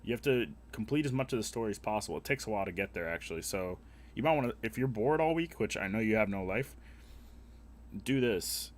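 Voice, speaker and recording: A man's voice: on the low side, lively intonation, fast talker. A young man live-streaming a game, chatting casually with viewers in a crude, joking, rambling way. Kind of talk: casual gaming stream chat.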